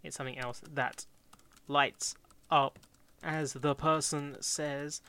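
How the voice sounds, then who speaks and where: Male podcast co-host, bright and forceful tone, loose joking delivery. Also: a little high, level tone, slow, clean tone. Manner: loose and joking, many fillers. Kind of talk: casual chat, brainstorming a story.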